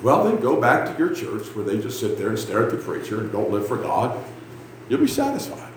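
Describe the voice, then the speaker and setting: A man in his fifties preaching a loud, self-mocking sermon in a church, breaking into sudden shouts. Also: mid-range voice, huge pitch swings, brisk, reverberant, slight background noise. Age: 50s. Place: church sanctuary.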